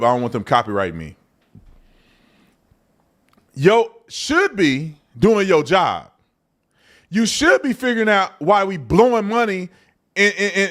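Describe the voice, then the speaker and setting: His voice sits high with a fairly bright tone. He's an adult from Texas with a Texan accent who hosts a live political commentary show, speaking in a blunt, mocking, slangy manner.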